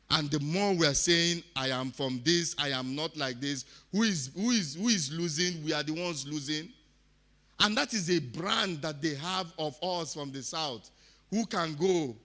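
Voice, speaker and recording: Impassioned Nigerian man, bright voice. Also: high-pitched. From Nigeria, Delta State. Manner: rousing, swings from quiet to loud, repeats phrases. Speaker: summit speaker. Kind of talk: impassioned public speech. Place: conference hall.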